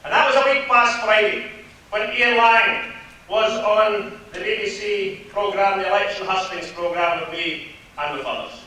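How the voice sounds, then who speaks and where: A man's voice: high-pitched, moderate pace, sharp tone. A Scottish man giving a political rally speech in a hotel hall, rhetorical and sarcastic. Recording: very echoey hall from far off, faint noise.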